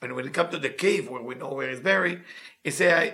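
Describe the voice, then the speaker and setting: Guy teaching live, reads a line then translates it in broken english, quick and bright, kinda high voice. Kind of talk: live text lesson, reading and translating.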